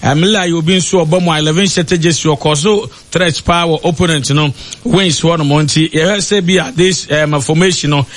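A man giving football radio analysis in a halting way, with many fillers. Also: fairly high pitch, steady tone, fairly bright tone. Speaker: match analyst.

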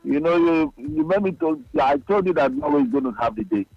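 A boastful, playful man calls into a sports radio show over a dull, lo-fi line. His gravelly voice swings widely up and down in a sing-song way, dry and close. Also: fairly high pitch, lively intonation, fairly quick, no room sound, faint music behind. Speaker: radio caller. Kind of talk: casual call-in chat.

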